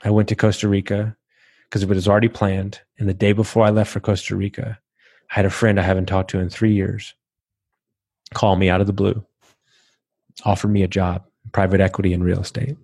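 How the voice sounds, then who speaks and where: A man's voice: sits low, flat delivery, a little fast, pauses often, darkish tone, husky, no room sound. A man in his thirties, a podcast host, telling his personal story candidly and bluntly, swearing freely and restarting his sentences. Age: 30s.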